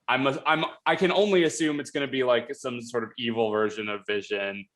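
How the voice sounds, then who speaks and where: A man hosting a casual episode review, talking quickly in a rambling way with lots of fillers and restarts. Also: medium pitch, fairly bright tone. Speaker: show host reviewing a TV episode.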